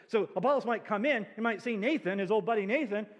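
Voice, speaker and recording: A man preaching as a pastor, telling stories with animated asides in a church sanctuary. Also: sits high, quick pace, few pauses. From New England. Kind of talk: sermon. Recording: long church hall reverb.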